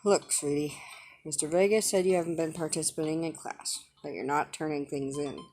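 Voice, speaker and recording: A woman's voice: low-pitched, fairly even intonation, brisk, a little hiss or hum. Woman voicing an awkward earnest single dad. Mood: gentle. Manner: gentle, rambling, fumbling for words. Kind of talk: reading a dating-sim script aloud.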